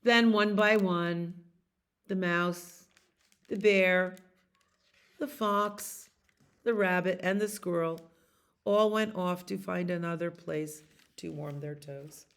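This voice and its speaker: A woman's voice: fairly low pitch, steady tone, takes it slowly, long pauses, smooth. A woman reading a bedtime picture book aloud as a library storyteller, soothing and asking her listeners questions.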